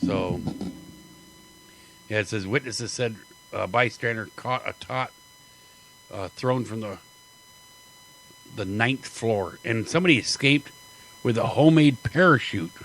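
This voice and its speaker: A man's voice: mid-range voice, a little slow, pauses often, a bit bright, rough recording. A man hosting a talk radio show, chatting casually and laughing often between jokey asides. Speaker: radio host.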